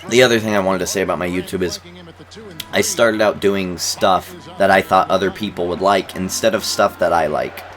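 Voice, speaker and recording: A gaming YouTuber in his twenties provides loose commentary for a basketball video game, laughing a little and repeating himself. He has a low, steady voice with some brightness, speaking at a moderate pace.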